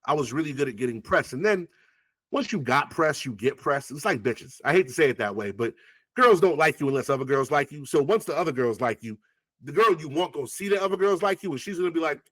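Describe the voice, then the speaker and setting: A man's voice: fairly high pitch, fast, dry recording. A rapper chatting as an interview guest in a slightly raised voice that swings widely up and down. He tells loose, profane stories and jumps into the voices of the people he's talking about. The sound is close and dry. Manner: animated, profane, acts out past conversations. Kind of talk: casual interview storytelling.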